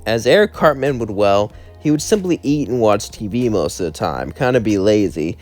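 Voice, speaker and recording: A man's voice: on the low side, expressive, normal speed, darkish tone, faint music behind. Rambling young man telling a fan story. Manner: rambling, informal, with asides. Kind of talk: casual fan-fiction storytelling.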